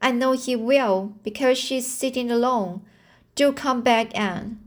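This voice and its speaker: Pleading young girl, loyal friend, read by a woman, slow and stumbling. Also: on the high side, natural voice. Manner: stumbling, halting reading.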